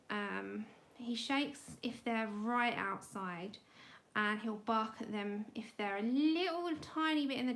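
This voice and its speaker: A woman hosting a casual colouring livestream from home on her phone, chatting with viewers and coaxing her dog in a high voice. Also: sharp tone. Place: home indoors.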